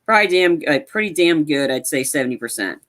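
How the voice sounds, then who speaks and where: A man co-hosting a casual movie podcast, rambling and excitable, with many restarts. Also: a little high, quick pace. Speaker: podcast co-host.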